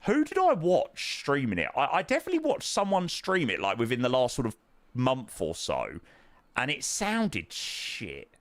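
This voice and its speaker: A man's voice: medium pitch, wildly swooping pitch, fairly quick, no echo. A young man streaming a flight sim, chatting casually with viewers in matey banter full of fillers. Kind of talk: casual live-stream chat, answering viewers.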